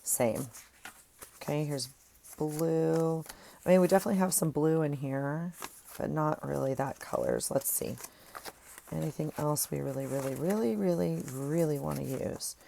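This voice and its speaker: Chatty woman at her craft desk, low gravelly voice, talks to viewers like friends, earphone mic. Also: normal speed, dark tone, slight background noise. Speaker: craft vlogger. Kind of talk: casual chat while crafting.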